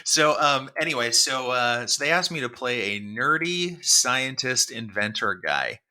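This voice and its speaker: A middle-aged man co-hosting a podcast spins a rambling, self-deprecating story in casual chat, laughing often. His mid-range voice is expressive, pushed and bright, delivered at a measured pace.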